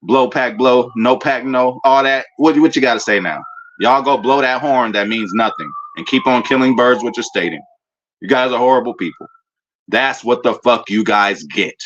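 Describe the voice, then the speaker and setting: Man, bright forceful voice, rambling profane fan rant, muffled lo-fi sound. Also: mid-range voice, normal speed. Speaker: sports fan commentator.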